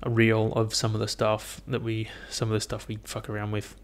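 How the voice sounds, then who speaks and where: A man's voice: fairly low pitch, monotone, brisk. A man hosting a casual solo podcast, rambling and swearing freely. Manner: rambling, heavy swearing, amused. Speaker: podcast host. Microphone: headphones and podcast mic.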